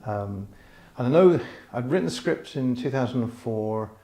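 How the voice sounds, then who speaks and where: A man's voice: medium pitch, expressive, moderate pace, warm tone. A man, a filmmaker interviewing an actor, speaking in a hesitant, casual way with many restarts. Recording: echoey room.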